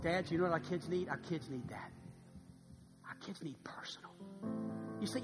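High-pitched preacher in his fifties. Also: big pitch swings, unhurried, long pauses. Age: 50s. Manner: preaching with swings from hushed to loud. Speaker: pastor. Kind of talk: sermon. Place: church sanctuary. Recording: live church recording with long reverb and music.

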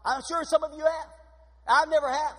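A man preaching a sermon in an energetic, exuberant way, with sudden swings in pitch. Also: normal speed. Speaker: pastor. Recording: long hall reverb.

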